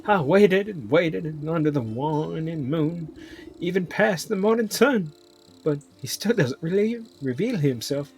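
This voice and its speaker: A man voicing a weeping, lovesick young maiden in a melodramatic high voice. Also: lively intonation, a little slow, darkish tone, a little hiss or hum. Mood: wistful.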